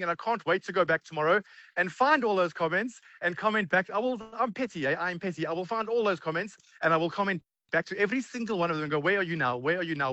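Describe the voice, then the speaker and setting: A fast-talking South African man with a raised voice, gushing and breathless. He sounds out of breath and talks over himself. The line is dry, with no room around it. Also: sits high, sharp tone, no echo, muffled recording. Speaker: guest. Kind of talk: excited phone-in interview. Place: outside stadium at night.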